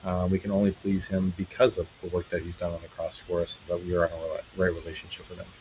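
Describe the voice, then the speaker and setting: A married man hosting a live stream as a musician, chatting casually with viewers in a rambling, halting way, full of fillers, brightening when he greets people. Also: deep voice, completely flat delivery, slight background noise, rough recording. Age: adult, married.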